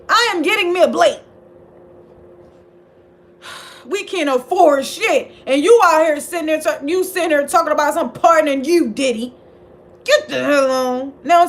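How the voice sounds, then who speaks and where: A woman hosting a casual gossip commentary vlog, sassy and blunt, swearing freely and scolding the people she talks about. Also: very high voice. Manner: animated, jumps between mocking outbursts and quiet asides. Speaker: commentary channel host.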